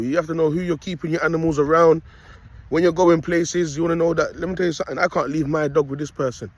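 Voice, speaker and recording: Husky-voiced man, rambling preacher. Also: fairly high pitch. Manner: rambling, street slang, repeats "you get me". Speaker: self-styled prophet vlogger. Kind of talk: casual preaching monologue.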